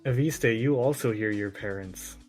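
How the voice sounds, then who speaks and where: A man's voice: fairly low pitch, normal speed, music in the background. Man narrating as game master. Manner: descriptive, steady narration.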